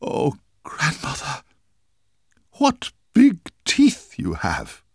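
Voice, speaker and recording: A man's voice: a little high, huge pitch swings, breathy edge, no room sound, studio quality, voice pushed up, heavily acted. A man voicing an innocent little girl in a storybook reading, stretching out her alarmed exclamations. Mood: wide-eyed. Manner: drawn-out exclamations.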